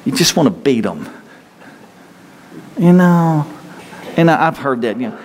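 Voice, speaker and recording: A man preaching a sermon in a repetitive, emphatic way, climbing higher and louder as he gets stirred. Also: lively intonation, brisk. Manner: emphatic, repetitive, rises in pitch and force when stirred. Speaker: pastor. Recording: reverberant hall with faint noise.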